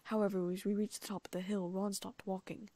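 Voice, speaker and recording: A woman narrates an audiobook in a hushed, often half-whispered reading. Her voice is husky and gravelly at the edges, recorded dry and close. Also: mid-range voice, level tone, fairly quick, no echo. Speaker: audiobook reader. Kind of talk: reading first-person fan fiction.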